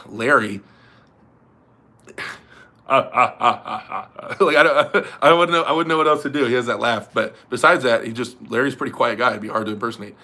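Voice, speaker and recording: Chatty man with a bright voice. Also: medium pitch, fast talker. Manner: rambling, chatty, laughs often. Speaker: livestream host. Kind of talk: casual livestream chat.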